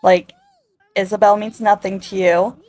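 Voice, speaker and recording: A woman's voice: medium pitch, little pitch movement, measured pace, a little mellow, no room sound. A woman giving casual, wry let's-play narration over a life-sim game. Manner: chatty, wry commentary on the game. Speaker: gameplay narrator.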